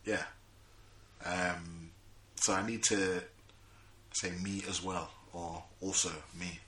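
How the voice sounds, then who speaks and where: A man's voice: low-pitched, flat delivery, slow pace, pushed and bright, recorded from a distance. A young man co-hosting a podcast, teasing his friend and laughing a lot. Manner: teasing, cheeky, bursts of laughter. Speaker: podcast co-host. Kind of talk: casual podcast banter. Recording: roomy, off-mic sound.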